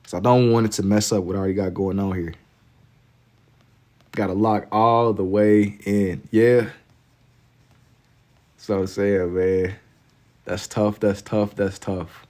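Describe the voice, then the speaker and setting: Young man from Kentucky, slightly low voice, laid-back slangy livestream chatter while drawing. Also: steady tone, a little slow, pauses often, a little mellow. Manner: laid-back and slangy, reading chat aloud. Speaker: livestreaming artist.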